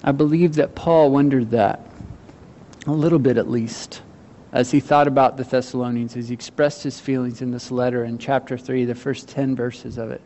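A man preaching a sermon, acting out the quotes and laughing as he goes, then quieting down for the scripture. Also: mid-range voice, a little hiss or hum. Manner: animated, acts out voices in quotes, laughs often; drops to quiet, slow delivery on scripture. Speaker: pastor.

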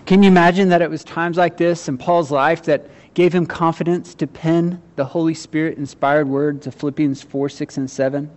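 A man preaching a sermon, acting out the quotes and laughing as he goes, then quieting down for the scripture. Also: a little high. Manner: animated, acts out voices in quotes, laughs often; drops to quiet, slow delivery on scripture. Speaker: pastor.

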